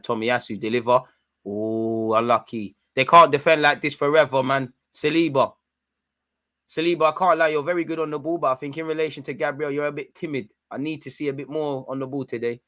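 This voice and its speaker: Young male watchalong host, mid-pitched, chatty and excitable, given to yelling at the ref. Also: brisk. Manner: animated, shouts at the referee, slangy banter. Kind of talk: live match reaction commentary.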